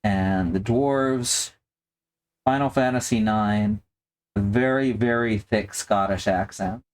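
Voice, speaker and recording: A man's voice: on the low side, slow. A man hosting a live stream, chatting casually and joking as he thinks aloud while painting miniatures.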